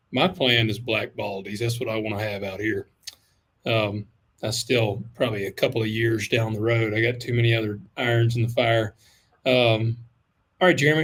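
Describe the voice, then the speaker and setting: A man hosts a farming podcast in relaxed chat, at an average pitch for a man. He talks informally, peppering his talk with man and dude. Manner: chatty and informal, calls people man and dude. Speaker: podcast host reading listener emails. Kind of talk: casual chat.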